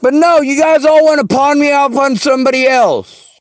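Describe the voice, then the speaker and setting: High-pitched man in a furious rant. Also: moderate pace, dry recording. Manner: furious, swearing, often shouting. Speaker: vlogger. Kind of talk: angry profane rant.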